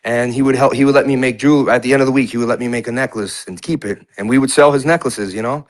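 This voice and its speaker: A man's voice: medium pitch, fast, no echo, poor audio. A man in his forties from New York, a guest telling personal stories in a rambling way, full of filler words. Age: 40s. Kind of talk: casual conversation.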